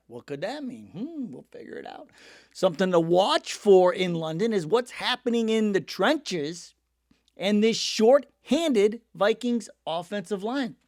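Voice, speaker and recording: A middle-aged man with a high, very animated voice hosts a casual sports chat while a little sick. He rambles and jokes at his own expense. The recording is dry and close. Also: dry recording. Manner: jokey, rambling, laughs at himself. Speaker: sports podcast host.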